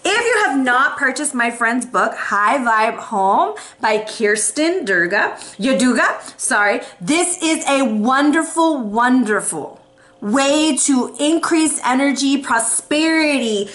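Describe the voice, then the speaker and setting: Chatty woman tarot reader, high bright voice, playful and casual. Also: expressive, slow. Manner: chatty, playful, gives shout-outs. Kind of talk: casual tarot reading to camera.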